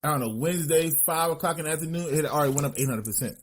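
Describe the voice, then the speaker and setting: A man co-hosting a podcast in casual, profane, animated chat. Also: a little high, very fast, a little hiss or hum. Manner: animated, profane, riffing with mock voices. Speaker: podcast co-host.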